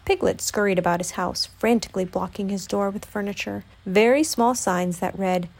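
A woman reading a children's storybook aloud as narrator, with an expressive delivery. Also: medium pitch, moderate pace, vocal fry.

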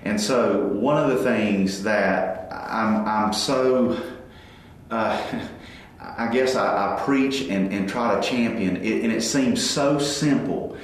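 A man in his forties giving a faith-based parenting talk, animated and acting out family dialogues. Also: on the low side, slow pace, a little hiss or hum. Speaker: parenting speaker. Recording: very echoey room.

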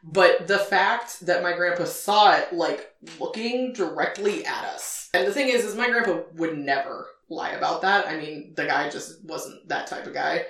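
A woman's voice: sits low, a bit bright. A young adult woman, telling a story casually as a podcast co-host, with lots of "like" fillers. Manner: chatty, many "like" fillers. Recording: echoey room, a bit far from mic.

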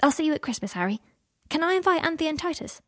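Scorpius, a woman doing a high earnest young boy. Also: big pitch swings, fast, fairly bright tone, no echo, clean studio sound. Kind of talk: audiobook character voice.

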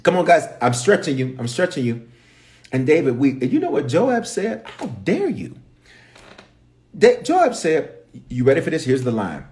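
A bishop with a Memphis accent teaches the Bible on a livestream. He tells the story in slangy, animated bursts and keeps turning to his viewers, his pitch swinging widely. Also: moderate pace. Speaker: bishop and pastor.

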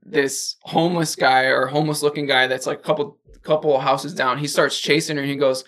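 A man's voice: a little high, level tone, fairly quick, a bit bright. A man co-hosting a podcast, retelling a movie plot in casual chat, rambling with lots of fillers. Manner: rambling storyteller, many fillers like "like" and "or whatever". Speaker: podcast co-host.

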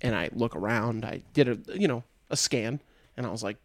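A young man telling a funny story on a casual podcast, animated and often laughing. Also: mid-range voice, a little fast, slight background noise. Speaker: podcast co-host.

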